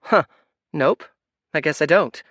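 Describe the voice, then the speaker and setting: A man's voice: fairly high pitch, measured pace, a bit bright, dry recording, pitched above the performer's own voice. A man voicing a cheerful, oblivious young woman who talks in a breezy, upbeat way.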